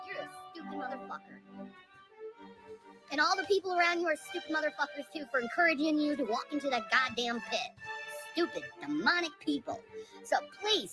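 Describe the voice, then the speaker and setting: A high-pitched woman vents in a stammering, swearing rant with a fed-up edge. Her voice leaps up and down in pitch as she talks. A cheerful old song plays loudly underneath. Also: rough recording. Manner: profane, stammering, exasperated. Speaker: vlogger. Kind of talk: angry ranting monologue. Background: music.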